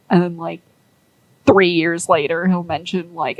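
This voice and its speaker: A woman's voice: on the low side, moderate pace, darkish tone, no room sound, poor audio. A woman rambling through a story in casual chat, with lots of "like" and acted-out quotes. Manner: rambling, many "like"s, acts out quoted characters.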